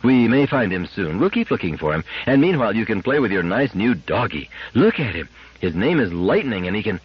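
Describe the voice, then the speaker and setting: A stern, stubborn mother speaks in a firm, clipped way, as a man reads her in a storybook reading. The voice is husky with a lively pitch, and the sound is dull and lo-fi. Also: brisk, dry recording, exaggerated voice. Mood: soothing.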